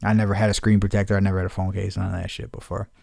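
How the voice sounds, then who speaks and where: A man with a low, gravelly voice tells a long, rambling story to his podcast audience, swearing freely as he goes. He slips into quick impressions of the people in his story. The sound is dry and close, with no room around it. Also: little pitch movement, a little mellow, no echo. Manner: profane, rambling, mimics other people. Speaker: podcast host. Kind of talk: casual storytelling rant.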